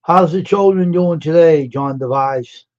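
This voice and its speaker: A talkative man runs a casual live stream and reads out his viewers' names as he greets them and asks them questions. His voice sits a bit high and the sound is dull and lo-fi. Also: a little slow, darkish tone. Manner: chatty, greets and quizzes chat viewers by name.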